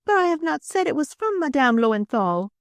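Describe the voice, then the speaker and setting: A woman doing a coquettish young wife, high and pleading. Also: big pitch swings, brisk, dry recording. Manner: breathless, imploring, theatrical. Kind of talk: audiobook character voice.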